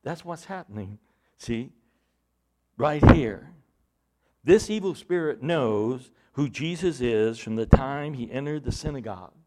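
Animated preacher man with a lively voice. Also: medium pitch, unhurried, a little hiss or hum. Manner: animated Bible exposition, rising to loud emphatic bursts. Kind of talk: sermon.

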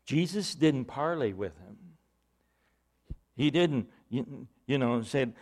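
Animated preacher man with a lively voice. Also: medium pitch, slow, long pauses. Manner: animated Bible exposition, rising to loud emphatic bursts. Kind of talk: sermon.

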